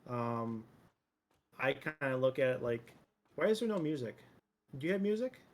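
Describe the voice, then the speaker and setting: A man streaming a game with a friend, chatting in a relaxed, rambling way and swearing freely. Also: mid-range voice, moderate pace. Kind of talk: casual gaming chat.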